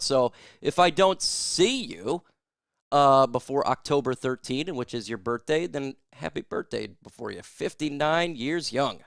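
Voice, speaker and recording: A man hosts a live sports stream in casual, hype-driven chat, bursting into whoops and shouts for his viewers. His voice sits fairly high and comes through smooth and clear. The close mic leaves almost no room sound. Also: dry recording.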